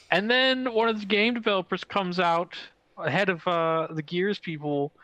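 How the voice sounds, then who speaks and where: A man co-hosting a gaming podcast in casual chat, excitable and rambling with lots of filler words. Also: sits high, measured pace, dry recording, low-quality recording. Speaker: podcast co-host.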